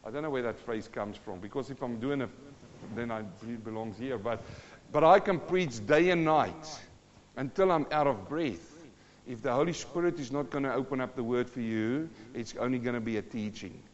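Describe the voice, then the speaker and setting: A man preaching a sermon from the front of a church, emphatic, swinging between hushed asides and loud bursts. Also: medium pitch, normal speed, in a large hall, highs cut off. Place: church hall.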